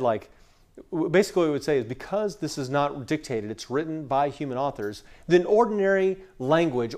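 A man's voice: fairly high pitch, darkish tone. A man from West Texas teaching scripture to a room of people in a conversational lecture, explaining through everyday stories. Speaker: Bible teacher. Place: room with an audience.

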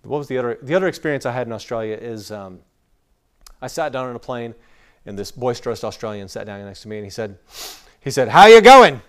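Talking fast in a smooth, medium-pitched voice, this West Texas man teaches scripture to a roomful of listeners. As a Bible teacher, he keeps the lecture conversational and leans on everyday stories to make his points.

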